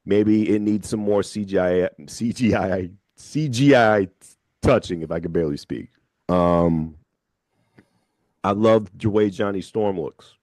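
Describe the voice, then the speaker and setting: A radio host with a very low voice, speaking in a dry, close studio sound. He talks in a measured, thoughtful way and slows down to stress his points. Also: fairly even intonation, darkish tone, dry recording. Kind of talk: casual radio chat. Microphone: studio microphone.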